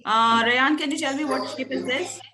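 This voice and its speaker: A woman's voice: sits high, normal speed, a loud crowd. A woman teacher, patiently coaxing pupils in an online class, with many fillers and "okay"s.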